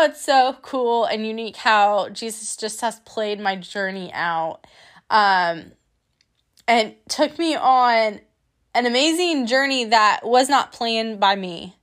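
A young woman giving a personal testimony, telling her story in an animated way and acting out the people she quotes. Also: fairly high pitch.

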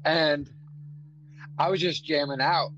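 A man's voice: a little high, steady tone, slow pace, slight background noise. A man from Arkansas co-hosting a casual podcast, a laid-back storyteller who fills his talk with fillers. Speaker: podcast co-host. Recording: dull lo-fi audio with loud music behind.

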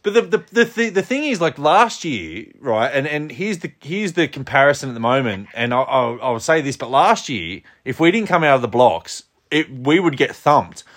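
A man in casual sports chat, animated and swearing, with many restarts. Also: medium pitch, normal speed, hardly any pauses. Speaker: podcast co-host.

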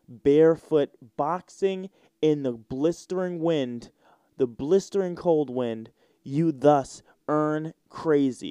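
Young male podcast host, mellow tone, dry close sound, animated storyteller who mimics people. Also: mid-range voice, clear, resonant tone, no room sound. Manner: animated storytelling with mocking put-on voices. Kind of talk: casual solo podcast rant.

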